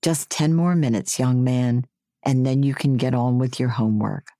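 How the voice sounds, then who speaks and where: A woman reading aloud voices an elderly male piano teacher, who speaks slowly, kindly and without frustration. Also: steady tone, mellow, no room sound, clean studio sound. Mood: patient. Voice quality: deep, gravelly. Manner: slow, unhurried, kindly. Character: patient old male piano teacher in his eighties.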